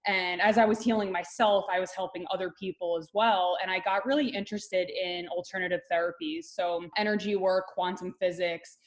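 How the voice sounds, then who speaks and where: A woman's voice: lowish voice, steady tone, rough recording. A woman with a Long Island accent, a pharmacist and coach, talking candidly and chattily as an interview guest. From Long Island, New York. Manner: chatty, candid, quick to laugh. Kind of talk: casual interview talk.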